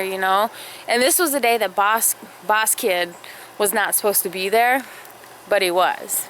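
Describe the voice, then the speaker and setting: A woman's voice: mid-range voice, unhurried, fairly bright tone, a little hiss or hum, poor audio. A young woman vlogger telling a rambling story in casual chat, full of fillers. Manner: rambling, filler-heavy, acts out quotes.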